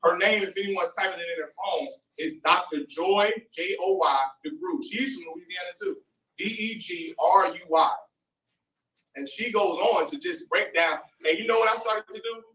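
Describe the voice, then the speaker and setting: A man's voice: high voice, normal speed, pushed and bright. A man giving an impassioned lecture to a live audience, emphatic and throwing rhetorical questions at the crowd. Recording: roomy hall, mic far off.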